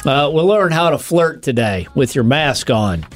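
A man's voice: medium pitch, lively intonation, unhurried, faint music behind. A man co-hosting a comedy podcast, joking crudely and rambling with lots of fillers. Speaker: podcast co-host. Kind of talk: casual comedic podcast banter.

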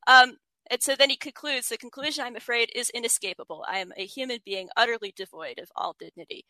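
Bright-voiced woman explaining earnestly. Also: a little high, quick pace, no room sound, rough recording. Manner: earnest, frequent restarts, reads quotes aloud. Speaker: writer, interview guest. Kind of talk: thoughtful conversational explanation.

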